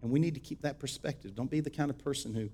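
A man preaching a sermon as pastor, shifting between shouted exhortation and quiet, close teaching. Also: medium pitch, fast talker, slightly rough.

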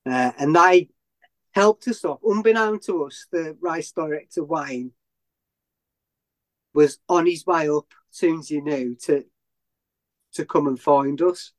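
A man's voice: a little high, a little slow, pauses often. A man, a runner being interviewed, who tells a long story in a rambling way with many restarts and self-corrections. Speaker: ultrarunner guest.

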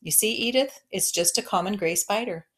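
A woman voicing a middle-aged farmer, solemn and awed, speaking earnestly and gravely in a storybook reading. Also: mid-range voice, moderate pace, fairly bright tone, close to an everyday voice. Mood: solemn awe.

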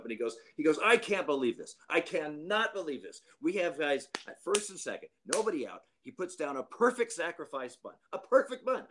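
A man in his late fifties, a retired baseball umpire, telling stories in a rambling way with frequent restarts and chuckles. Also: fairly low pitch. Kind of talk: anecdotal storytelling.

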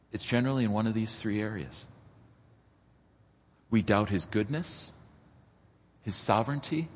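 A man preaching a sermon as pastor, dramatic and rising toward near-shouts when he retells scenes. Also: fairly low pitch, slightly rough. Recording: long reverb of a church hall.

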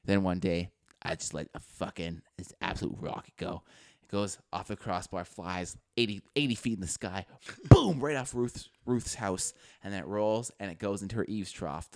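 A young man spins a story for his podcast co-host. His voice sits low, and the sound is dry and close. He is animated, swears freely and laughs at his own tale. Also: moderate pace, no echo. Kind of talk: casual storytelling chat.

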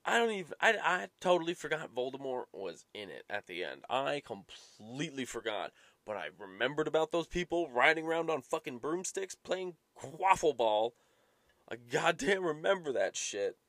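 A man's voice: medium pitch, very animated, normal speed, a bit bright, no room sound, studio quality. A man hosting a solo podcast, rambling and swearing and drifting from topic to topic. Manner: profane, rambling, easily sidetracked. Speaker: podcast host.

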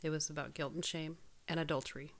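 A woman with a low voice tells a personal story in casual conversation. She talks in an earnest, frank way and swears casually as she goes. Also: fairly even intonation, fast.

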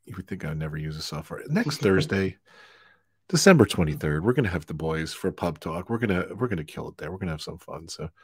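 A man's voice: low voice, animated, quick pace, few pauses, breathy edge, dry recording, studio quality. A man hosting a live stream from home, chatting casually and laughing often as he wraps up the show. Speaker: livestream host. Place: home in New York.

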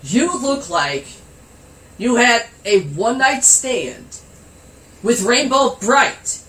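Speaking slowly in an extremely high, sing-song voice with a sharp edge, a man casually relates a funny anecdote. He swears without restraint and keeps giggling and laughing along the way, captured in a roomy space with faint background noise.

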